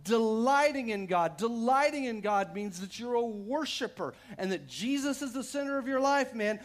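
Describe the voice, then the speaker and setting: A middle-aged man from Texas preaching a sermon as pastor, lively and repeating his phrases for emphasis. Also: extremely high pitch, moderate pace.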